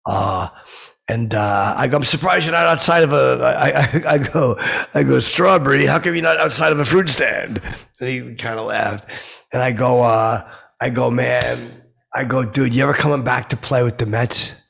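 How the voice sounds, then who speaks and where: A man playing a clueless, brash comic who rambles through stories with loud outbursts when he quotes himself. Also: mid-range voice, moderate pace, full character voice. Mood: rambling. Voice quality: gravelly, husky voice. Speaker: comedy podcast host in character. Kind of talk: rambling comic storytelling monologue.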